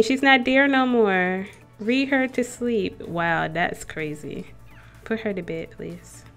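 A woman's voice: mid-range voice, slow pace, faint music behind. A young woman gives casual gameplay commentary as a let's play host, chatting to her characters and to viewers.

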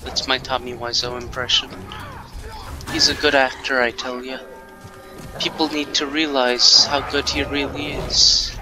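Slow-talking joking man over game music. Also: mid-range voice, little pitch movement, rough recording. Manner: playful, jokey, taunts game enemies. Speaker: gameplay commentator. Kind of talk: casual let's-play commentary.

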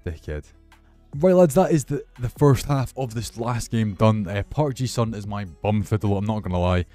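Young lad yelling and swearing at his football game, bit low voice, soft music under it. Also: moderate pace. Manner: excitable, sweary banter with viewers. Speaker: gaming YouTuber. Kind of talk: casual gameplay commentary.

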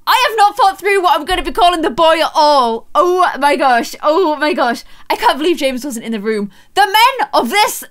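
A young Irish woman giving excited let's-play commentary, gasping and squealing often as she plays. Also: high-pitched. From Ireland. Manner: excitable, frequent gasps and squeals. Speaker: gaming YouTuber.

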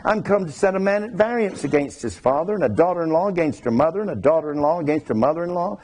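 A man's voice: a little high, animated, quick pace, a little mellow, poor audio. A male pastor preaching a sermon, reading scripture aloud in a formal cadence and breaking into folksy asides to his congregation.

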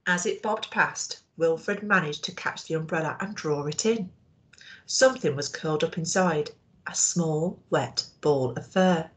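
A woman teacher reading a storybook aloud to young children, expressive and asking them questions. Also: deep voice, a little slow.

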